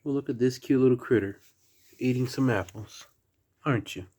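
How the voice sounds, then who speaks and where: A man with a slight Southern accent, chatting quietly through a toy unboxing at home late at night, keeping his voice down. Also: medium pitch, moderate pace. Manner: soft, hushed indoor voice. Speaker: toy collector vlogger. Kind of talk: casual unboxing chat.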